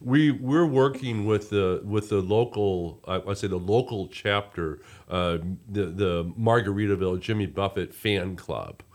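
A man's voice: on the low side, a little slow, hardly any pauses. A man, a resort representative chatting casually in an interview, rambling with many restarts.

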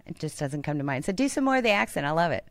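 Chatty woman who laughs a lot, pitch jumps all over, slightly low, dry sound. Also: very fast, no echo. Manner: bubbly, laughs often, animated. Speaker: podcast co-host. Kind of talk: casual chat.

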